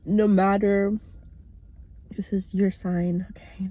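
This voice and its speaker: A woman's voice: fairly low pitch, lively intonation, measured pace, mellow, slightly rough. Candid young woman venting in her car. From United States. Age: young adult. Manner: candid, outspoken, swears freely. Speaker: vlogger. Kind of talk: casual personal video diary. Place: parked car.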